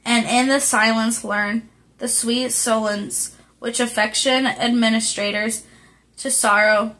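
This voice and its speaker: A woman reads a classic novel aloud as an amateur audiobook. Her voice sits a bit high, and she takes the text slowly and carefully, correcting small slips as she goes. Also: fairly even intonation, pushed and bright, poor audio. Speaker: audiobook reader.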